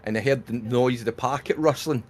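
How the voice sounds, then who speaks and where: A Scottish man chats on a live gaming stream, cursing freely and breaking into laughter as he tells his stories. His voice sits at a middle pitch. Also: brisk. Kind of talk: casual gaming chat.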